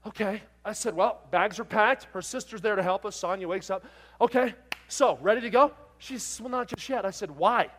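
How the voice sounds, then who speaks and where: Man, middle-aged, preacher, high voice, animated storytelling sermon, loud to hushed. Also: brisk, few pauses.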